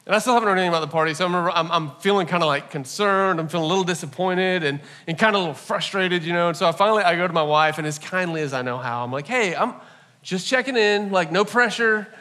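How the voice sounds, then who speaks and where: A man in his forties preaching a sermon, opening with an earnest, animated personal story. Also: a little high, racing, hardly any pauses. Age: 40s. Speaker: pastor.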